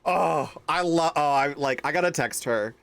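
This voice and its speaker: A young man streaming, chatting casually with his viewers, telling animated stories and greeting them by name. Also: on the high side, moderate pace, gravelly, slight background noise.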